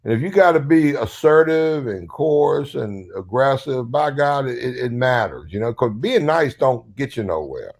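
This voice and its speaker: A man's voice: mid-range voice, lively intonation, moderate pace, creaky, few pauses, a little mellow. An older man with a Southern US accent, a recovery advocate talking bluntly and profanely in a casual chat.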